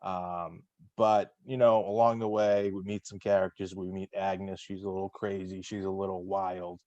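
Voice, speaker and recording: A man's voice: low voice, little pitch movement, normal speed, darkish tone, no room sound, muffled recording. A man hosting a casual recap chat, rambling with many fillers and restarts. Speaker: podcast host.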